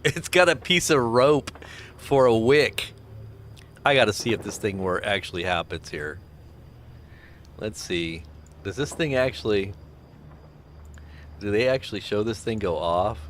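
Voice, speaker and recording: A man's voice: on the low side, lively intonation, a little slow, long pauses, a bit bright, a little hiss or hum. Rambling man hosting a livestream. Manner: rambling, reads out chat names, chuckles. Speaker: livestream host. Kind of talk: casual livestream chat.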